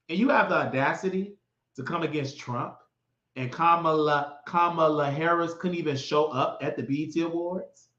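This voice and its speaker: A man's voice: on the high side, fairly bright tone. A man hosting a political commentary show. He rants in a heated, mocking, sassy way. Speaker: show host. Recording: echoey, dull lo-fi room sound.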